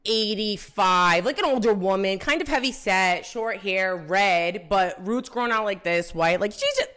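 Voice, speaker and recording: A woman's voice: medium pitch, unhurried. A young adult woman co-hosting a podcast, telling a story in casual chat and acting out the quotes with a lot of drama. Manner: animated, dramatic retelling with acted quotes. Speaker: podcast co-host.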